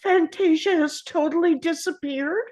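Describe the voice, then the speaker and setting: Lady reading a timid little boy, super high voice, slow and unsure. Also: a little mellow. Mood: wondering. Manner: hesitant, slow and earnest. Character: young boy, timid and wondering. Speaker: table read actor. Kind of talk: table read.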